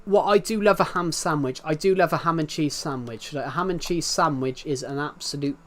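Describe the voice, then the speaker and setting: Speaking a little high and a little fast, a young man from England livestreams in his native accent. He talks casually to the people watching, going round in circles and saying the same things again.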